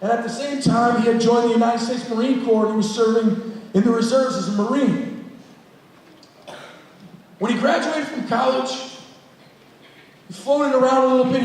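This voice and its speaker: High-voiced man speaking in an echoing hall. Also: a little mellow. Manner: plain-spoken, addresses the audience directly. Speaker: school guidance counselor and coach. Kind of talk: motivational storytelling talk to students. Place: large school hall with an audience. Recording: echoey hall, voice from far off.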